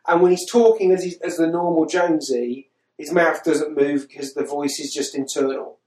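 A man's voice: on the high side, moderate pace, a little mellow, roomy sound, poor audio. Incredulous sweary man recapping a film. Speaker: podcast host. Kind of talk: casual film recap chat.

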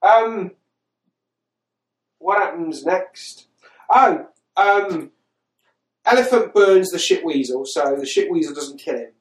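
A man's voice: high-pitched, takes it slowly, pauses often, reverberant, poor audio. A man hosting a podcast, recapping a film in casual chat with exasperated, sweary incredulity. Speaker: podcast host.

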